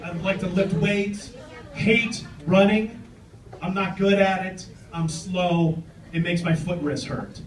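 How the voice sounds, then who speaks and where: A man in his forties doing a stand-up set on a club stage, brash, with loud punchlines and banter with the crowd. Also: sits high, slow pace, recorded from a distance. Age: 40s. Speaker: stand-up comedian. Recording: roomy club with crowd laughter. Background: audience laughing.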